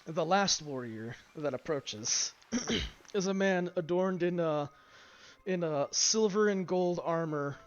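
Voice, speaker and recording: A man narrating a tabletop game as game master, halting over his words with frequent fillers and restarts. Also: a little high, animated. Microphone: streaming mic. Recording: dull lo-fi stream, faint music.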